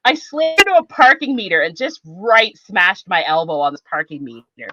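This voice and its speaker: A woman hosting a podcast, telling an animated, profane story in casual chat. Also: on the low side, normal speed, lo-fi sound. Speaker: podcast host.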